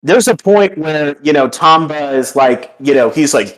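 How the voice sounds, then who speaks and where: A man's voice: a little high, expressive, unhurried, hardly any pauses. A man hosting a casual podcast review, rambling and enthusiastic with many fillers and restarts. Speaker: podcast host.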